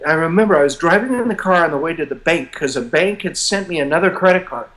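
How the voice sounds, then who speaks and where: An older man being interviewed, telling his story in a relaxed, self-deprecating way with frequent chuckles. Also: on the high side, fast talker. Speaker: interview guest, publisher.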